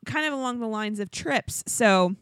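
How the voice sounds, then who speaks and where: A young woman co-hosting a podcast, telling a story in casual chat and acting out the quotes in a high voice. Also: expressive, normal speed, a bit bright, clean tone, dry recording, clean studio sound. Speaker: podcast co-host. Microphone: podcast studio microphone.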